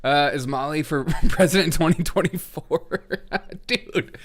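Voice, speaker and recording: A man's voice: fairly high pitch, unhurried, a bit bright. A man hosting a comedy news live stream, talking sarcastically and laughing often. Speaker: host.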